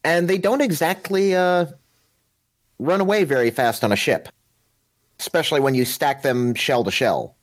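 A man co-hosting a casual podcast panel chat, telling a story in a lively way. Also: on the high side, moderate pace, pauses often. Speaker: podcast co-host.

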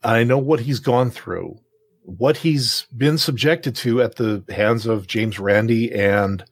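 Husky man telling a rambling story. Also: mid-range voice, slow, no echo. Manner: rambling storyteller, many fillers and restarts. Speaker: podcast co-host. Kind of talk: casual chat.

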